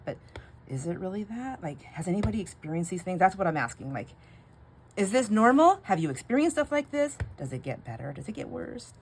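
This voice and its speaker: A woman's voice: fairly low pitch, fast talker. A middle-aged woman chatting and rambling casually while making labels at home, laughing often and musing aloud. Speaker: crafting vlogger. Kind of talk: casual chatty crafting vlog. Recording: home recording with steady background noise.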